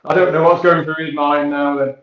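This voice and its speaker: A man's voice: on the high side, level tone, fairly quick. A man hosting a casual chat, talking in a chatty way, laughing often and using British slang. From Wales. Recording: roomy, dull, faint hiss.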